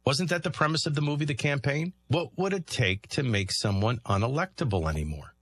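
A man's voice: medium pitch, animated, a little fast, a bit bright, breathy edge. A man hosting a talk radio show, chatting through rambling anecdotes and often laughing.

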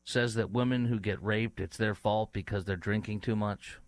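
A man's voice: fairly low pitch, steady tone, normal speed, no room sound. A man hosting a talk show, giving heated, indignant political commentary with many fillers and restarts. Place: studio in Dallas.

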